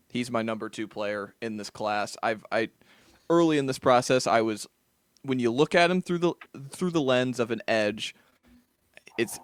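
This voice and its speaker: A man's voice: medium pitch, no echo. Guy talking football on a podcast, laid-back, restarts a lot, dry close sound. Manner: loose, conversational, many restarts. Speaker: co-host. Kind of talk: casual chat.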